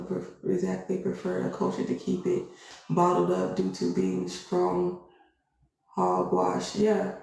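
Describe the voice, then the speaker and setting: Woman tarot reader on a live stream, preachy and emphatic, mid-pitched, very echoey room. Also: a little mellow. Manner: preachy, emphatic, repeats "okay?" to the audience.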